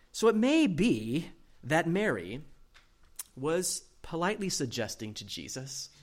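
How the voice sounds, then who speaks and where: A man preaching a sermon, reading scripture aloud and explaining it in an animated way, dropping quiet for emphasis. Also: fairly high pitch.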